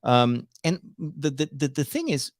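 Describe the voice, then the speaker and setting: A priest from the Netherlands, co-hosting a casual chat about church news, talking in a chatty, halting way with many fillers and restarts. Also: male voice, a little high, very animated, no echo, clean studio sound. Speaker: priest and co-host.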